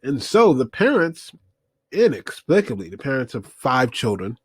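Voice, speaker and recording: A man's voice: medium pitch, animated, moderate pace, slightly rough, no room sound. A man casually recapping an old film, rambling with many fillers and wry asides. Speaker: movie review host.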